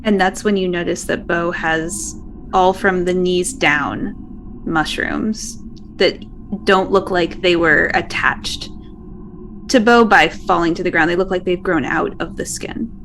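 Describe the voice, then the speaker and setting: A woman's voice: lowish voice, a little slow, noisy background. A woman describing events in a tabletop game in a descriptive, emotional way. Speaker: player.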